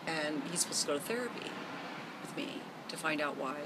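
Her voice is low and expressive, and she speaks fairly quickly against a noisy background. A middle-aged vlogger in an outdoor garden, she tells the camera a long, rambling, candid personal story with lots of fillers.

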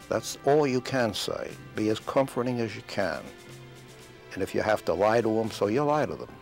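A man's voice: fairly low pitch, expressive, moderate pace, creaky, faint music behind. An older man, a former navy corpsman, earnestly recalling his wartime duty in an interview. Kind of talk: recounting memories in an interview.

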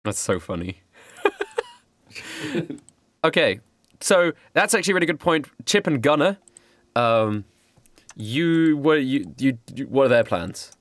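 A man leads a tabletop role-playing session as game master, his pitch swinging up and down as he talks. He laughs often and restarts his sentences, and the recording is dry and close. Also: sing-song, takes it slowly, pauses often, no echo.

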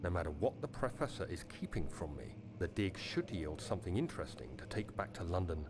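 A quiet, troubled young explorer. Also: male voice, deep voice, sing-song, brisk, background noise. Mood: solemn. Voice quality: quiet, soft-spoken. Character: troubled young male explorer writing journal. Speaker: game narrator.

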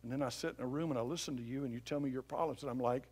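A middle-aged male pastor preaching a sermon with passion, swinging from loud appeals to hushed pleading. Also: mid-range voice, very fast.

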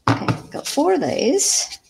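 A woman's voice: measured pace, a little mellow, slight background noise, rough recording. An older woman from Scotland with an Australian accent, hosting a casual live craft stream from home at her crafting table, chatting to viewers and musing aloud over measurements. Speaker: craft channel host. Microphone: camera at a crafting table.

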